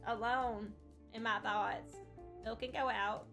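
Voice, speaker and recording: Brassy Southern trucker woman, played by a woman, bright, a bit high, crude and flirty. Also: fairly even intonation, slow, faint music behind. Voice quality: drawling, calls everyone babies, cackles. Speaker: streamer playing a trucking game in character. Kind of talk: in-character game commentary.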